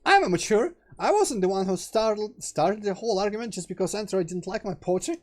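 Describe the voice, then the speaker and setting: A man voicing a feisty, bratty teenage girl who snaps and yells in a high, shrill voice. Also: wildly swooping pitch, moderate pace, soft background music, full character voice. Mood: angry shrill. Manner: shrill, snappy, yelling.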